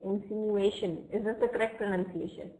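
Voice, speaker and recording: A woman with a medium-pitched, somewhat dark voice leads a live online English vocabulary class, patiently and slowly walking through each word and frequently asking "okay?". The recording is low quality.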